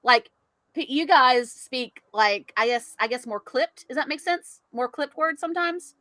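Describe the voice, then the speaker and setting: Giggly high-voiced woman host. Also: animated, measured pace, bright, forceful tone, no room sound. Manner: chatty, giggly, reads chat comments aloud. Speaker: podcast host. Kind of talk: casual chat. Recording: dry close mic.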